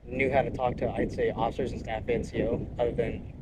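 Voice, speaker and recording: A man's voice: mid-range voice, level tone, fairly quick, heavy background noise. Blunt, profane young man. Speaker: interviewee, Marine reservist. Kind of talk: casual interview.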